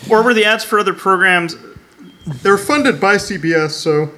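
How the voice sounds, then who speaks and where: A man's voice: sits high, moderate pace, bright, forceful tone. A man co-hosting a podcast, chatting casually with wry, dry humor. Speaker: podcast co-host. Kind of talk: casual chat.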